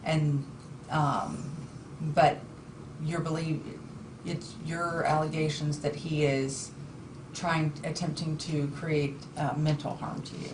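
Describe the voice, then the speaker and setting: A woman presiding as judge in a courtroom, asking measured, methodical clarifying questions. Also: sits low, little pitch movement. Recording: distant echoey room mic with noise.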